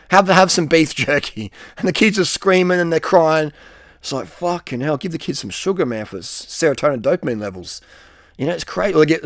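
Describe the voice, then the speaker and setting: A man's voice: medium pitch, vocal fry, a bit bright, dry recording, clean studio sound. Blunt, profane man ranting. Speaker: vlogger giving advice. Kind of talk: rambling casual monologue.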